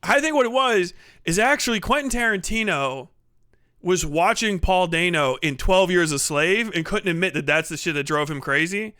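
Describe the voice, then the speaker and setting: Crude, high-voiced man ranting on stream. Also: normal speed, sharp tone, clean tone, no room sound, clean studio sound. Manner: rambling, crude, laughs often, does impressions. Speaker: livestreamer. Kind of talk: profane comedic rant.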